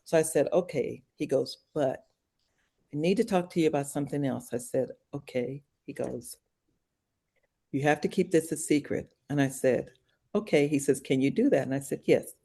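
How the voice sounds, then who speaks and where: In a relaxed interview, an older woman on a podcast animatedly recounts a story, voicing each character anywhere from hushed to shrieking. She speaks at a normal speed in a low, gravelly, husky voice.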